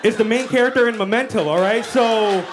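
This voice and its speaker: A woman doing a stand-up comedy set on stage, telling stories with animated, mock-exasperated swearing into a handheld mic. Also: fairly high pitch, a little fast, slight background noise.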